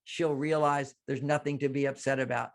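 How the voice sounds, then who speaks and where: An older man speaks as a radio guest, building his points through vivid little stories. He slips into quick acted-out lines and chuckles along the way. His voice sits at a middling pitch. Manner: animated storyteller, acts out quotes, laughs often. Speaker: guest relationship expert. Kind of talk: radio interview, explaining with stories.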